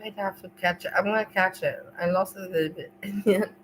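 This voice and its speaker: A woman's voice: mid-range voice, fairly even intonation, quick pace, a little hiss or hum, rough recording. Rambling, emotional woman streamer. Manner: rambling, emotional, swears freely. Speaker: livestream host. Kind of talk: casual livestream chat.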